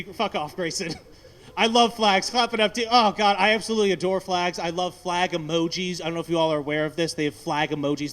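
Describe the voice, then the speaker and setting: A man's voice: sits high, fairly bright tone. A man doing an open mic stand-up set, rambling and self-deprecating, swearing often, on a handheld mic in a small brewery taproom. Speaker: stand-up comic.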